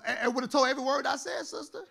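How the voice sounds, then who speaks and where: A man pastor preaching with animated storytelling, repeating words in bursts and building to loud shouts. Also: extremely high pitch, quick pace, vocal fry. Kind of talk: sermon.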